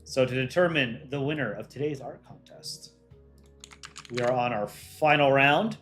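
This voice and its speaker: A man's voice: mid-range voice, a little slow, soft background music. Easygoing man hosting a livestream. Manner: relaxed, reads chat aloud and runs polls. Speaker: livestream host and voice actor. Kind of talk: casual livestream chat.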